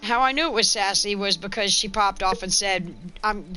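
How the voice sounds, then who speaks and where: A woman's voice: mid-range voice, brisk, bright, forceful tone, clean tone, soft background music, low-quality recording. A woman streaming a Western video game, chatting in a rambling, frank way as she plays. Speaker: gaming streamer. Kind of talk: casual let's-play chat.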